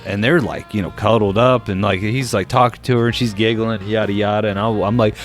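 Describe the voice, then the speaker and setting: A young man co-hosting a podcast tells a casual, filler-packed story in a lowish voice, talking fairly quickly with barely any pauses. He's an animated storyteller who acts out voices, and faint guitar music plays in the background.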